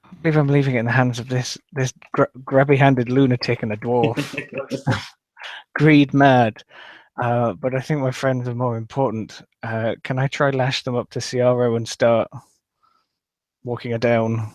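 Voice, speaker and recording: A man's voice: medium pitch, level tone, unhurried, darkish tone, no echo. A man playing a tabletop game, casually rambling as he describes his character's actions. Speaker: player. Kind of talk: casual tabletop role-play.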